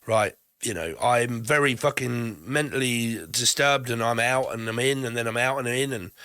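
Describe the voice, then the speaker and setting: Rambling, swearing tarot reader. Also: male voice, medium pitch, normal speed, bright, forceful tone, clean tone, dry recording, clean studio sound. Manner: rambling, swears often, laughs between phrases. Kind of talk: rambling tarot card reading.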